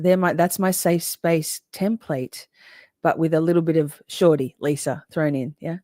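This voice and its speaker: A woman's voice: deep voice, darkish tone, no echo, clean studio sound. A woman hosting a live stream, reading chat aloud and talking back in a casual, emotional, sweary way. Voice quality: swears freely, emotional and chatty. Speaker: livestream host reading chat.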